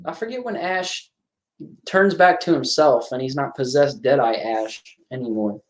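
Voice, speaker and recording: A man's voice: medium pitch, moderate pace. A man giving casual watch-along commentary on a horror film, chatting and reacting aloud to the scenes.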